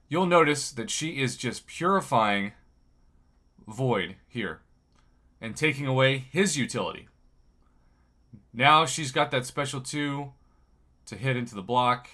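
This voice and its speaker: Groggy man commentating gameplay, bright voice. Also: medium pitch. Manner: analytical, upbeat, explains over footage. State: groggy after poor sleep. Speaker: gaming video host.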